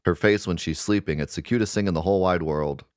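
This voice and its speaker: A man's voice: sits low, fast, a little mellow, clear, resonant tone, no room sound, studio quality, close to an everyday voice. A man voicing a doting, loving middle-aged professor and father, reading game dialogue aloud.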